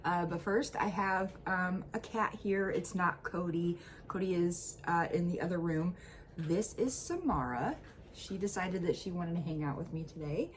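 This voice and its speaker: American woman, reaction host, low-pitched, rambly casual talker. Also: slight background noise. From United States. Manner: chatty, rambling, with many fillers and laughs.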